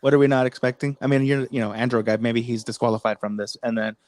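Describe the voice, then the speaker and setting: A man's voice: mid-range voice, little pitch movement, fast, a crowd in the background. A man hosting a casual tech livestream, rambling with many fillers and restarts. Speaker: livestream host.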